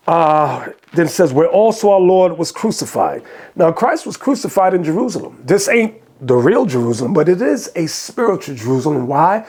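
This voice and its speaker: A man giving a preaching commentary on video clips, impassioned and quoting scripture, often breaking into shouts. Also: high voice, husky. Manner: quotes and explains scripture. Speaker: religious commentator.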